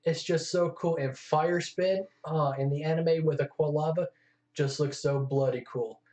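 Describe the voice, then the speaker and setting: A man's voice: on the high side, steady tone, moderate pace, a little mellow. A man co-hosting a casual chat, talking eagerly and freely. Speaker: co-host. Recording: echoey room, dull lo-fi sound.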